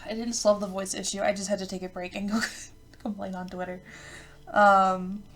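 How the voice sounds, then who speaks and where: A woman's voice: mid-range voice, flat delivery, normal speed. A woman hosting a let's play of a visual novel, reading the game text aloud and breaking off into rambling, self-interrupting rants.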